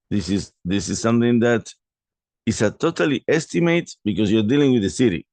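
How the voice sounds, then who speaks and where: A man walking through a property investment deal in a halting way, correcting himself often. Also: lowish voice, a little mellow, no room sound. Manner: halting, many restarts and self-corrections. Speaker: real estate investor presenting a deal.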